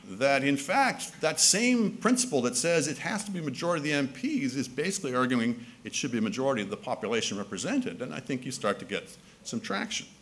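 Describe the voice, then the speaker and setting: A man's voice: mid-range voice, sing-song, fast, few pauses, a bit bright. A man from Canada giving a keynote speech at a conference, talking in a wry, conversational way with frequent restarts. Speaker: keynote speaker. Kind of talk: public speech. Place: conference hall.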